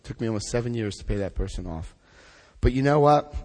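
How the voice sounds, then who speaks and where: Brief: lively male recovery speaker, medium pitch, big swings when quoting people, echoing hall. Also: fairly quick. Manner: animated, acts out dialogue with big pitch jumps. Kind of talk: personal storytelling talk. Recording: echoey hall.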